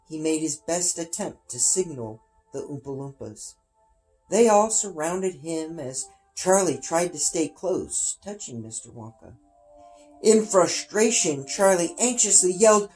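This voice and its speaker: Man reading a story, slow and expressive. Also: fairly high pitch, soft background music, poor audio.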